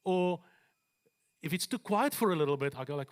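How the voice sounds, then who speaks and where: A man preaching a sermon in a church, animated, with joking asides and slower scripture readings. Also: high-pitched. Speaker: pastor.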